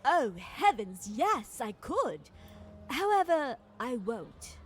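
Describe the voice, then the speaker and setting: An actress playing a prim, self-important high-society lady in a video game, affected and prissy. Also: very animated, takes it slowly, slight background noise, exaggerated voice.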